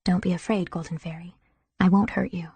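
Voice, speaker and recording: Brooding young warrior voiced by a woman narrator, deep, rough, a touch sardonic, mellow and husky. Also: steady tone, fairly quick, dry recording. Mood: tender.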